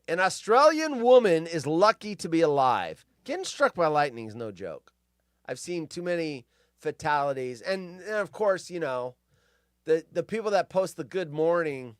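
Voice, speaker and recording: A male live-stream host reads news stories in casual commentary, his voice on the high side and captured in a clean, dry studio recording. He's animated and crude, swearing often, wandering into rambling asides and lurching between loud outbursts and mutters.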